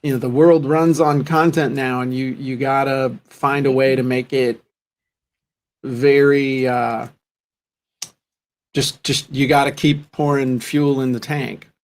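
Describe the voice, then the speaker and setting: A man's voice: medium pitch, little pitch movement, slow. A man co-hosting a podcast, talking in a chatty, joking, self-deprecating way. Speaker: podcast co-host. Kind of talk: casual chat.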